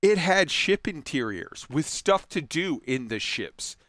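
A man's voice: a little high, very animated, takes it slowly, fairly bright tone, dry recording, clean studio sound. A man talking casually and enthusiastically about an old game, rambling with fillers, restarts and swearing. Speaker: gaming commentator. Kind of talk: casual chat.

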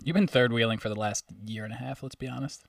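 A man's voice: mid-range voice, steady tone, fast talker, gravelly, no echo, studio quality, far from the mic. A young man co-hosting a podcast, rambling and joking casually with lots of fillers. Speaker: podcast co-host. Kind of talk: casual chat.

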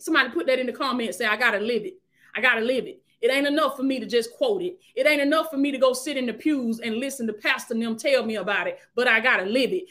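High-voiced woman preaching with repeated exhortations. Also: a bit bright. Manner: call-and-response exhortation, repeats phrases. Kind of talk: live-streamed sermon.

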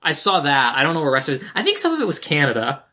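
Young woman, bright forceful voice, casual podcast chat, animated storytelling, playful impressions. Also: low-pitched, rapid-fire. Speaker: podcast co-host. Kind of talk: casual movie recap chat.

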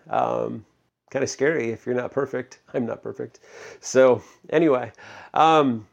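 A pastor preaching a casual, conversational sermon, full of fillers and questions to the congregation. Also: male voice, mid-range voice, steady tone, moderate pace, creaky, darkish tone, dull audio.

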